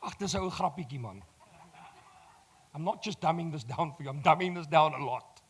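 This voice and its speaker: A South African man with a slightly raised pitch and a croaky, worn voice, giving a motivational talk to a live audience. He speaks straight to the crowd and teases them. His voice swells loud when he drives a point home. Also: lively intonation, brisk.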